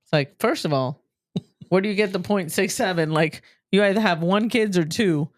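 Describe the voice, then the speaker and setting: A woman's voice: on the low side, moderate pace, no echo, studio quality. A middle-aged woman co-hosting a podcast in casual chat, teasing and laughing often. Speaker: podcast co-host.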